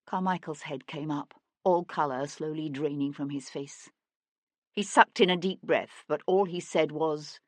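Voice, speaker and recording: A woman reads a mystery audiobook with a low voice in a dry, close recording. Her storytelling is steady and even. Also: normal speed, no room sound. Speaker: audiobook narrator. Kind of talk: scripted narration.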